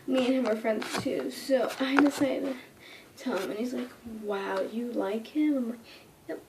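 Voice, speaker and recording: A high-pitched young woman telling a rambling storytime to camera. She keeps dropping into hushed whispers and jumping to squeals when she quotes herself. A faint hiss sits behind her voice. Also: moderate pace. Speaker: vlogger. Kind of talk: casual storytime.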